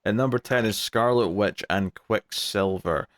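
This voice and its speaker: A man's voice: fairly low pitch, a little slow, fairly bright tone. Blunt, jokey man. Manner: dry, blunt and jokey, with mock outrage. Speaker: podcast co-host. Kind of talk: casual chat.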